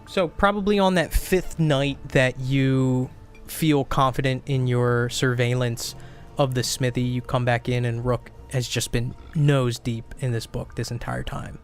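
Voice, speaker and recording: Man, game master, guiding, asks questions, mid pitch, faint background music. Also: fairly even intonation, a little slow, few pauses. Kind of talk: tabletop game narration.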